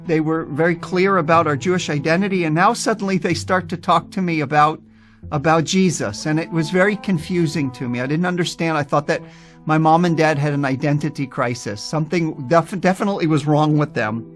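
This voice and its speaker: A man's voice: on the high side, a little fast, soft background music. Earnest man telling his testimony. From United States. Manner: earnest, animated, acts out quoted voices. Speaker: speaker giving a personal testimony. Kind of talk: personal testimony storytelling.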